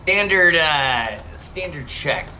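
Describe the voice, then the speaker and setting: A man playing a tabletop game, speaking in a halting, hesitant way. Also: a little high, expressive, pushed and bright, a little hiss or hum. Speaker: player. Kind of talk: casual tabletop game play.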